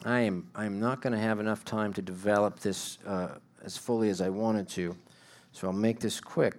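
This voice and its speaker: A man's voice: lowish voice, fairly even intonation, normal speed. A middle-aged man preaching a sermon in a conversational, self-deprecating way, building to emphatic bursts.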